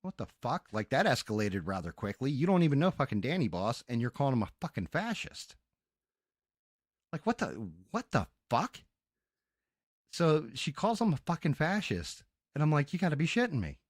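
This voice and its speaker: A man's voice: medium pitch, very animated, normal speed, dry recording, studio quality. Profane, exasperated man ranting on stream. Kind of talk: casual ranting stream chat. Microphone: headset.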